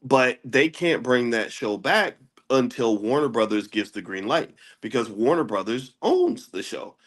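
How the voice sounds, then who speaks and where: Leading his daily finance class, a man lectures casually and unhurriedly in a sing-song, fairly bright voice. He often restarts and repeats himself, throws out rhetorical questions, and jumps to a high pitch whenever he makes a point.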